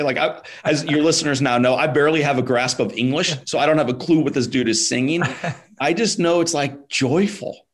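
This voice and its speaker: A man guest on a podcast, telling a personal story in a casual, emphatic way, dropping "like", "man" and "dude" and sometimes repeating words. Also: medium pitch. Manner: repeats words when emotional.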